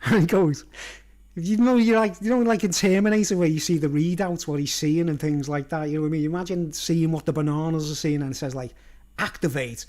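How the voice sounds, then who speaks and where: A vlogger rambles through a casual monologue in a slightly raised voice, a little high with a darkish tone, fairly even intonation, and a fairly quick pace. He laughs at his own jokes and keeps asking "you know what I mean", so the talk wanders loosely.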